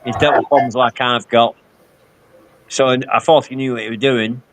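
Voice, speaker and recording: A man's voice: mid-range voice, steady tone, moderate pace. A man, telling rambling stories full of quoted dialogue on a casual live stream. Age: 50s. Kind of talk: casual chat.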